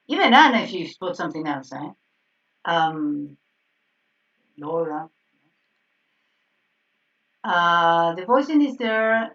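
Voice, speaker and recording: A woman teaching a piano harmony class online, checking in constantly with "yes?" and correcting herself. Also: lowish voice. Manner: animated, frequent "yes?" checks and self-corrections. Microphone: video call. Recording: distant, dull video-call audio.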